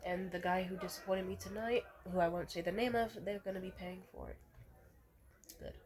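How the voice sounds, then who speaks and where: A young woman ranting bluntly and profanely to camera in a casual vlog, restating points as she goes. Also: on the low side. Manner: repeats herself to restate points. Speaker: vlogger.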